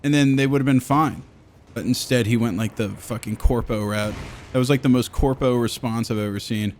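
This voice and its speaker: A man's voice: mid-range voice, fairly quick, slight background noise. A young adult man rambling casually as a streamer, crude and joking, swearing freely and slipping into playful silly voices.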